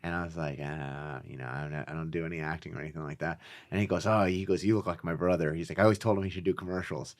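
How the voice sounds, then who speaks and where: A male comedian guest on a podcast, telling a story with lively acted-out quotes. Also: deep voice, fast. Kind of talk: casual podcast chat.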